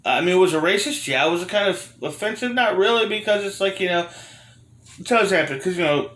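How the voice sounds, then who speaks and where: A man's voice: high-pitched, lively intonation, a little fast, a bit bright, reverberant. Rambling man reviewing old wrestling. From Florida. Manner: rambling, many fillers and restarts, frank. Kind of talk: casual review monologue.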